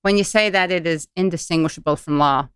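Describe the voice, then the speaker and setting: A woman's voice: on the low side, a little fast, clear, resonant tone, no echo, studio quality, natural voice. A woman putting on an Irish accent to read out a stern male editor's formal letter. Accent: put-on Irish. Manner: mock-formal, reading aloud.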